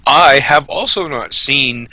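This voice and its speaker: Laid-back man with a very bright voice. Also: medium pitch, expressive, takes it slowly, dry recording. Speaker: game developer co-host. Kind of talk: casual livestream chat.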